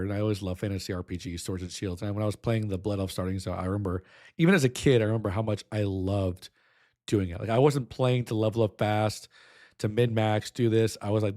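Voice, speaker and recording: A man's voice: on the low side, warm tone. A young adult man streaming, reacting with emotion, choked up and nostalgic, humming a melody now and then.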